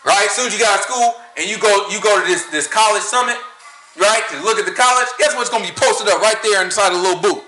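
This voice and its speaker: A man's voice: sits high, fast talker, pushed and bright, roomy sound, slight background noise, low-quality recording. A man with a Southern American accent, talking in a casual rant full of preachy rhetorical questions and laughing at his own points. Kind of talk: casual ranting monologue.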